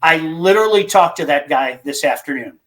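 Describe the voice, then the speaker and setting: Middle-aged male podcast host, chatty and excitable, slightly high voice, casual basement-studio talk. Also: a little fast, rough recording. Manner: excitable, chatty, jumps between topics. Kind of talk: casual sports talk, reading listener picks.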